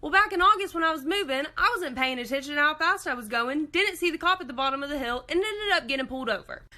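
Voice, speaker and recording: A young woman with a high, bright voice recounts her story bluntly. She pokes fun at herself throughout. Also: lively intonation, quick pace. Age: young adult. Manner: self-mocking, blunt. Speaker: student telling a story. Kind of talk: casual storytime video.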